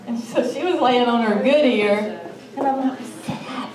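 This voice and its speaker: A woman's voice: fairly high pitch, normal speed, a crowd in the background. A woman telling a story in a casual way, acting out what people said. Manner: animated, acts out quotes. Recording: echoey room, mic at a distance, faint noise.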